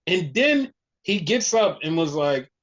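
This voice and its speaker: A podcast host retelling a wrestling show in casual chat, animated and full of fillers. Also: mid-range voice, unhurried. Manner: animated storytelling, heavy use of "like". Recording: muffled lo-fi audio.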